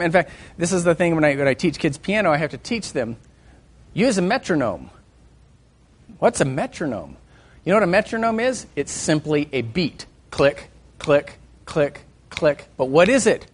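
A middle-aged man teaching a class on music and faith, lively and joking, breaking into sung and hummed examples. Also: high voice. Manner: animated, sings and hums examples, jokes with the class.

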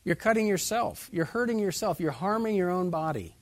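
A man's voice: high voice, expressive, fairly quick, no room sound. A man preaching a sermon as pastor, putting many direct questions to his listeners.

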